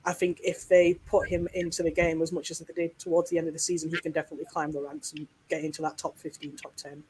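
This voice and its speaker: A woman's voice: low-pitched, little pitch movement, fast talker, darkish tone, a little hiss or hum, poor audio. British woman on a video call, fan humming. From Britain. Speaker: guest contributor. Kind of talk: casual sports chat on a video call. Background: fan running.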